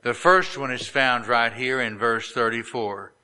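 A middle-aged male pastor preaching in a slow, measured way. His voice is bright and edged with tension, and he gives each phrase its own weight as he tells a personal story from the pulpit. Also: medium pitch, steady tone, smooth. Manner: slow, deliberate, earnest preaching cadence. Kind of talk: sermon storytelling.

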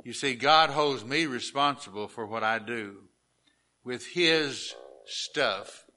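A man delivers a sermon from the pulpit, reading scripture slowly and stressing the key words. His pace is markedly unhurried, and his voice has a bright, ringing edge. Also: medium pitch. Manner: slow, emphatic preaching with scripture reading. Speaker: pastor.

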